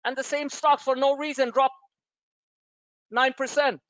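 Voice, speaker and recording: A man's voice: very high-pitched, level tone, a little slow, fairly bright tone, dry recording, low-quality recording. A man hosting a trading webinar, blunt and emphatic, firing off rhetorical questions at his listeners.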